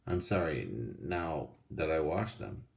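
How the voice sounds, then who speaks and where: A man voicing a sensible, motherly older girl in a storybook reading; she speaks in a brisk, practical way. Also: extremely low pitch, very animated, vocal fry, exaggerated voice.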